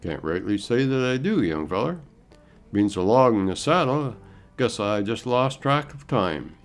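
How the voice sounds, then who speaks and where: A man's voice: lowish voice, very animated, measured pace, faint music behind, pitched above the performer's own voice. A man voicing a grumbling old frontier guide with a folksy drawl.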